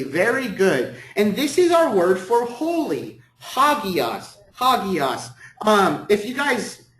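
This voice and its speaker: Male teacher, high lively voice, slow unhurried pace, echoey classroom. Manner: encouraging, repeats words for the class. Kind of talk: classroom lecture.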